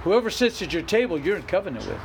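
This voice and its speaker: Man, middle-aged pastor, high voice, emphatic sermon delivery, faint hiss behind. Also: big pitch swings, fast. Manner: emphatic preaching with repeated phrases and rising outbursts.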